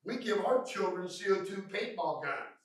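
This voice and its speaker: A man with a Southern American accent running a lively training session, joking and quizzing his audience. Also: sits high, normal speed. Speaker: refrigeration trainer. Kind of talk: lively live training talk. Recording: echoey room, mic at a distance.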